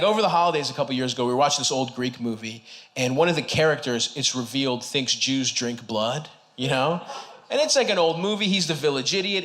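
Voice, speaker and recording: A man doing a stand-up comedy set on a club stage, talking casually to the crowd, often laughing and punching lines up loud. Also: mid-range voice. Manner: conversational, breaks into laughter, punches up lines with sudden loud jumps. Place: comedy club stage before a live audience.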